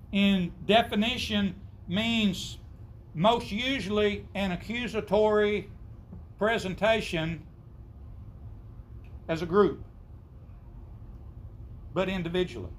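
Male preacher, high-pitched, emphatic sermon delivery with rhetorical questions. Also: fairly bright tone, slight background noise. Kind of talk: sermon to a congregation.

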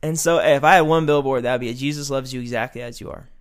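A man's voice: medium pitch, fast, clear, resonant tone. Guy on a podcast, earnest, slips into a fired-up preacher voice. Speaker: podcast guest. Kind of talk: casual chat turning preachy.

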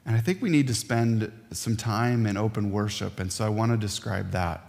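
A man's voice: lowish voice, vocal fry, darkish tone. Earnest preacher man in reverberant hall. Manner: earnest, emphatic, with dramatic pauses. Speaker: pastor. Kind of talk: sermon.

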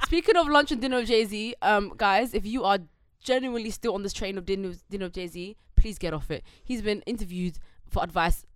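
A young woman, talking animatedly and venting strong opinions with plenty of swearing. Her voice sits at an ordinary pitch and sounds dry and close. It is a casual podcast chat. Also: fairly quick, no room sound. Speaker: podcast co-host.

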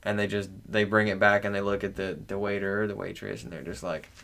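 Very low-voiced, rambling young man. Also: fairly even intonation, fast, hardly any pauses, fairly bright tone. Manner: rambling, loose, lots of fillers and laughter. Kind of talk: casual chat.

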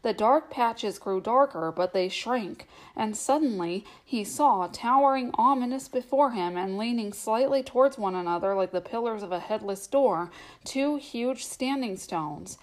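A woman reading a novel aloud as the narrator, in a steady, measured storytelling manner. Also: a little high. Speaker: audiobook narrator.

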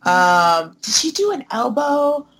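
A woman co-hosting a casual wrestling chat, giving her opinions in a measured, matter-of-fact way. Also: fairly high pitch, sing-song, fairly bright tone, husky.

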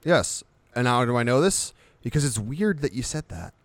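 A man's voice: medium pitch, expressive, normal speed, no echo. A man co-hosting an unscripted chat, rambling and spinning vivid comic examples. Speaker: podcast co-host.

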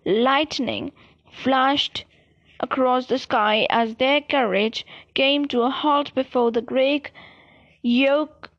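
A woman reading a novel aloud slowly and carefully, with small slips and restarts. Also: sits high, fairly even intonation, dull audio. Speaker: reader. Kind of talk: amateur audiobook reading.

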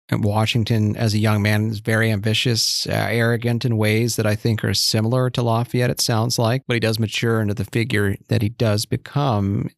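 Gravelly-voiced male interviewer. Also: medium pitch, no room sound, studio quality. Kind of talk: interview question.

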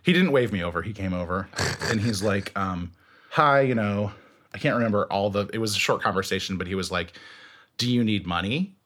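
This man, a guest in a casual interview, has a fairly low pitch and a brisk delivery. He's lively as he spins stories, laughing as he goes and performing other people's lines.

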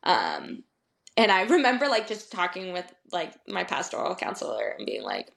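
A woman's voice: fairly low pitch, wildly swooping pitch, normal speed, creaky, fairly bright tone. A young adult woman, a podcast guest, telling her story in a casual, chatty way, full of "like" fillers and small laughs. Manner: chatty, heavy use of "like" fillers, laughs often.

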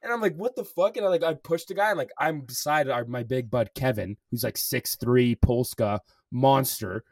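A creaky, mid-range voice belongs to a young man telling a story on a podcast he co-hosts, swearing often and saying "like" and "bro" constantly. He talks at a moderate pace, and the dry, studio-quality recording was made from some distance.

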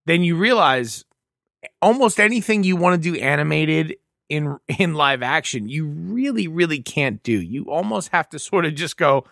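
A male podcast co-host in casual chat who muses aloud and often restarts his sentences. His voice sits a little high with a bright tone, recorded close and dry. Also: animated, creaky, no echo. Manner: halting, restarts often, musing.

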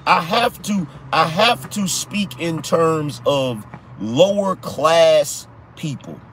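A man's voice: a little high, lively intonation, slow, fairly bright tone, a little hiss or hum. A man hosting a live political commentary show, talking in a slangy, repetitive style and teasing his audience. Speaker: podcast host.

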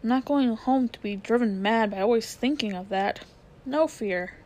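A woman's voice: a little high, moderate pace, a little mellow, lightly acted. A woman voicing a stubborn, curious young boy who speaks loftily and obstinately in a storybook reading. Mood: insistent. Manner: lofty and obstinate.

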